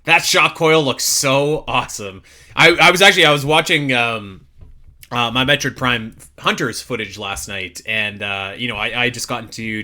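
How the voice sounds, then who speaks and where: This young man co-hosts a casual podcast, and his voice is bright and punchy. He gushes with emphatic enthusiasm and often restarts his sentences as he goes. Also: medium pitch. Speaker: podcast co-host.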